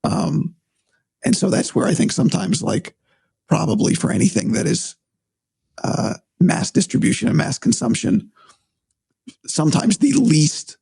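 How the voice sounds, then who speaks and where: A man talking casually on a podcast, hoarse and raspy after vocal cord surgery, thoughtful and hedging. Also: a little high, huge pitch swings, measured pace, long pauses, mellow, no echo. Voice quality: raspy, breathy. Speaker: sports broadcaster.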